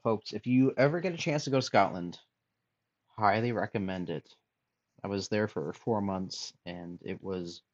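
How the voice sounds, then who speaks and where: Low-voiced guy doodling on stream, kinda mumbly and soft, dull lo-fi sound. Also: no echo. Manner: soft-spoken, musing aloud as he sketches. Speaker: streamer and artist. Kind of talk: casual chat while drawing.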